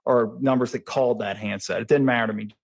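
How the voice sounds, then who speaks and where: A man on the witness stand in a courtroom, explaining his investigation in a rushed, rambling way. He keeps correcting himself and filling pauses with "uh" and "um", with a voice of middling pitch. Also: fairly even intonation. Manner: rambling, fast, self-correcting with fillers. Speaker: police investigator testifying as witness. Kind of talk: courtroom testimony.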